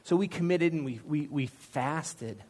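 A man's voice: on the high side, measured pace, darkish tone. A man giving a personal testimony in a sermon, telling the story in an earnest, conversational way with self-deprecating asides. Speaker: church speaker sharing a testimony.

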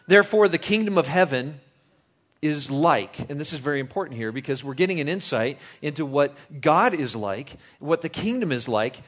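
A middle-aged man preaching a sermon to his congregation, conversational and teasing his listeners as he reads and explains scripture. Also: fairly high pitch. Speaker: pastor.

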